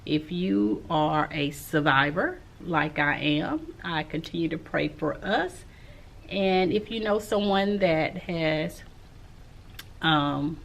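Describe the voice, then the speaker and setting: A middle-aged woman, an elementary school teacher, talking casually to camera in a slow, soft-spoken, reflective way with frequent pauses. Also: sits low, gravelly. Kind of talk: casual vlog talk to camera.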